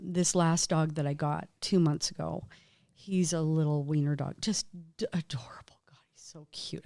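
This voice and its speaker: A woman's voice: low-pitched, warm tone, no room sound, studio quality. A woman acupuncturist, a guest in an interview, telling stories in a heartfelt, emotional way. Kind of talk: casual interview conversation.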